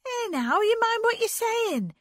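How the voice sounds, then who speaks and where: A woman's voice: very high voice, very animated, moderate pace, a bit bright, no echo, clean studio sound, pitched above the performer's own voice, full character voice. A woman voicing a blunt young country woman who scolds sharply in broad dialect. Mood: scolding.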